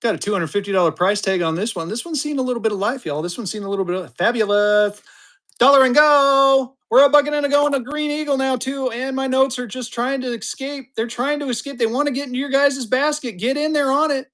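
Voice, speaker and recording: Chatty live-stream auction seller, man in his fifties, high-pitched, hypes every bid. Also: a little fast, a bit bright. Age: 50s. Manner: chatty, upbeat, hypes the bids.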